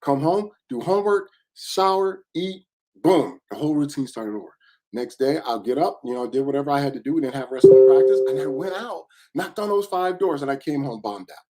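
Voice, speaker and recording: A man's voice: a little high, a little fast, warm tone. A man giving a motivational talk, telling a personal story in an emphatic way and repeating his key points. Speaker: motivational speaker.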